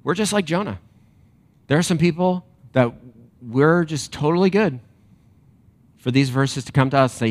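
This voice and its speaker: A man preaching a sermon to a congregation, animated and emphatic, then dropping to quiet reflective questions. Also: on the high side, moderate pace, pauses often. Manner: direct address to a congregation with rhetorical questions. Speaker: pastor.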